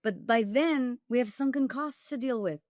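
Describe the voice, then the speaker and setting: A woman's voice: a little high, normal speed, darkish tone, no echo, clean studio sound. A woman dating coach and author, speaking directly and emphatically as a guest, with wry humor. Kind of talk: candid storytelling interview.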